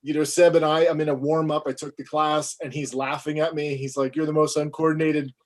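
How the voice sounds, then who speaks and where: A man, a filmmaker, telling a story in an interview with lively, self-mocking energy and acted-out dialogue. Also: on the high side, fairly quick.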